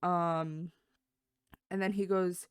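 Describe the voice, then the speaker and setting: A woman co-hosting a podcast, telling a story in casual chat, acting out quotes with sudden jumps in pitch and lots of fillers. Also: flat delivery, slow pace, clean tone, no room sound, studio quality. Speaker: podcast co-host.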